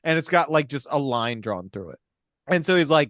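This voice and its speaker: A man's voice: on the high side, normal speed, no room sound, clean studio sound. A man casually retelling a movie's plot on a podcast, acting out characters' lines with profanity and frequent laughs. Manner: animated, profane, laughs often. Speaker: podcast co-host recapping a film.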